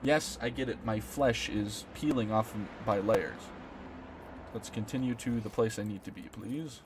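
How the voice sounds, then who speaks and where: A man's voice: lowish voice, normal speed, background noise. A man streaming a video game, reading its dialogue aloud in dramatic voices and blurting casual reactions between lines.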